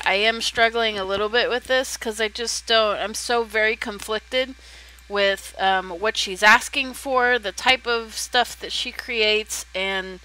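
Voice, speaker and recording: A woman's voice: mid-range voice, pushed and bright, poor audio. A young woman chatting casually on a livestream while she works on a design, rambling and self-deprecating.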